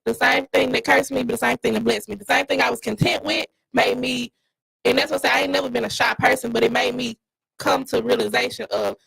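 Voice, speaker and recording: A woman on a podcast tells a story in a casual, animated way. Her voice sits a bit high and runs heavily gravelly. It is husky, and her delivery is blunt and full of swearing. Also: fast talker, poor audio. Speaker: podcast co-host and dog breeder.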